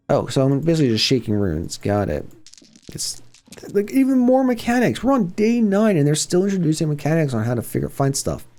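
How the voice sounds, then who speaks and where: Male gaming host, rambly and excitable, warm mellow timbre, very animated delivery. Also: mid-range voice. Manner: rambling, chatty, excitable reactions. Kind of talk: casual let's-play commentary.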